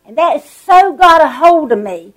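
A woman preaching a sermon, telling stories with animated emphasis and drawn-out words. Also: sits high, low-quality recording.

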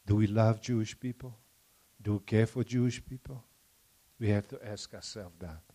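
A man's voice: lowish voice, fairly even intonation, moderate pace, warm tone. An older man from Poland with a Polish accent and broken English, giving a testimony to a church audience and stopping to put questions to the listeners.

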